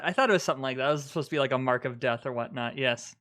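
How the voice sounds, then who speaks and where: A man streaming live, reacting to a trailer with excited, swear-filled gushing like a fanboy. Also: mid-range voice, rapid-fire.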